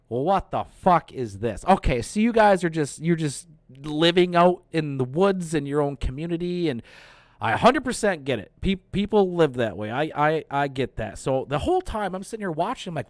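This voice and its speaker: A man casually recapping a movie plot, animated and incredulous, swearing often and acting out characters' lines. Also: on the high side, moderate pace, no echo, studio quality. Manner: animated, profane, incredulous retelling with quoted lines. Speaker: movie reviewer.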